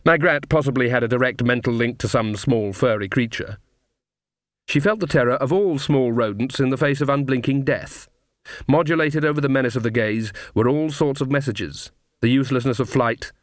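A male audiobook narrator with a measured, even delivery. His voice is mid-pitched and recorded very dry, with no room sound at all. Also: dry recording. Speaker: audiobook reader. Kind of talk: scripted narration.

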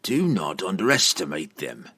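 A man's voice: sits low, very animated, normal speed, gravelly, sharp tone, slightly rough, heavily acted. Entreri, a man voicing a grim assassin. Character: grim cunning male human assassin.

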